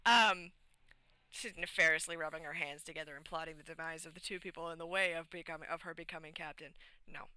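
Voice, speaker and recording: Bright-voiced woman rambling through a story. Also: sits low, quick pace, smooth, no echo. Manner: animated, rambling, many fillers. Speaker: streamer. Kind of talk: casual storytelling of a tabletop game session. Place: home streaming setup.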